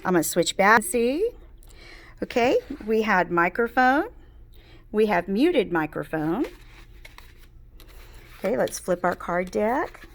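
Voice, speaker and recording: A woman teacher running an online class and reading a story aloud, gentle and explanatory. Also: medium pitch, very animated, takes it slowly, pauses often.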